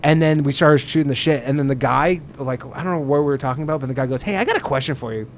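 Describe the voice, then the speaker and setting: A man's voice: mid-range voice, racing, slight background noise. A man in his thirties chatting casually, telling stories with swearing and laughter. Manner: animated storyteller, swears, laughs through punchlines. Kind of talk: casual chat.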